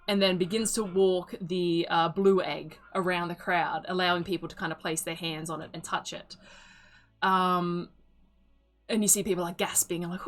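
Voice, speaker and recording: A woman's voice: fairly low pitch, a bit bright. A woman narrating a tabletop game as game master, chatty and loose, with many fillers and laughs.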